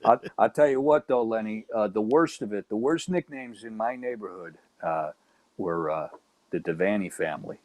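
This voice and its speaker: A middle-aged man from Chicago's South Side, telling old neighborhood stories in a casual, animated chat. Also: on the low side, moderate pace, no echo. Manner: animated, acts out quoted voices. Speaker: guest storyteller.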